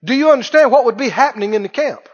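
A man preaching a sermon to a congregation in an auditorium, dramatic and questioning, slowly drawing out key words. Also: very high voice, lively intonation, husky. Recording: dull lo-fi sound with long hall reverb.

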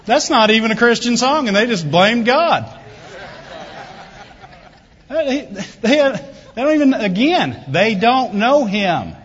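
A pastor preaching a sermon in a conversational way, often asking "Right?" and rising loud and high for emphasis before dropping low and quiet. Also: male voice, sing-song, slow pace, long pauses. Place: church hall. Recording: dull reverberant hall recording.

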